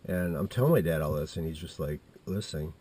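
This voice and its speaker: A man in his fifties rambles through a personal story in a low, husky voice. His tone is dark and mellow, and he keeps restarting his sentences and wandering off into side details. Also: animated, fast talker. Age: 50s. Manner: meandering, with many restarts and asides. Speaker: vlogger telling a personal story.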